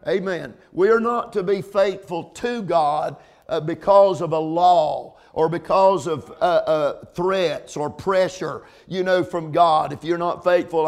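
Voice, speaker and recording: A middle-aged male pastor preaching a sermon, repeating words, dropping in "amen" often, and slowing down to stress points before rising to loud peaks. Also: high voice.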